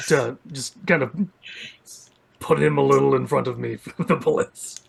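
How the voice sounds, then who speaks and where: A man's voice: medium pitch, normal speed, vocal fry, a crowd in the background. A man playing a tabletop game, reading out his rules and making dry jokes. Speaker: player. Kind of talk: casual tabletop play.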